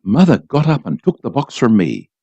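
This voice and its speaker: A man's voice: mid-range voice, huge pitch swings, moderate pace, warm tone, no echo, lo-fi sound. A man reading a short story aloud for a volunteer radio program, telling it expressively.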